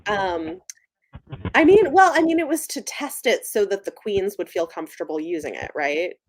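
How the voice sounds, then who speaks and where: A woman's voice: medium pitch, normal speed. A woman in casual live book chat, agreeing often and filling with "like". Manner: lively, lots of "like" and agreeing "yeah". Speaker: book discussion panelist.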